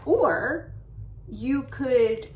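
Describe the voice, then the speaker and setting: A young adult woman hosting a lesson, talking casually and brightly about reading to children as she shows pages of books. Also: high-pitched, drawn-out words, a little hiss or hum, poor audio. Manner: lively and chatty, showing off book pages. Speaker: host giving read-aloud tips to parents. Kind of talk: casual instructional talk.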